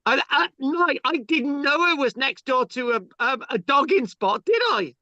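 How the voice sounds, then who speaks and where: A man's voice: extremely high pitch, lively intonation, normal speed, sharp tone, dry recording. A man telling stories in casual chat, rambling and stammering, tagging lines with "right?". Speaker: channel host. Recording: dull lo-fi sound.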